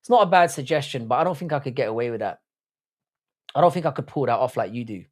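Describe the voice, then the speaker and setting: A man's voice: medium pitch, animated, fast talker. A man hosting a casual livestream chat, rambling and swearing, often restarting his sentences. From Ireland. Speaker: podcast host.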